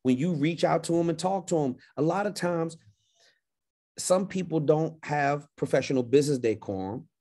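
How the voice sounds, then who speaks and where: A man's voice: on the high side, moderate pace, dark tone. A man coaching a caller on a livestream Q&A, confident and emphatic, often repeating phrases. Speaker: speaking business coach.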